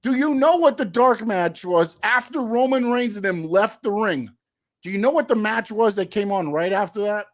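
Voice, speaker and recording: A man's voice: high voice, moderate pace. A man co-hosting a casual wrestling talk show, skeptical and argumentative, often pressing with questions. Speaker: co-host.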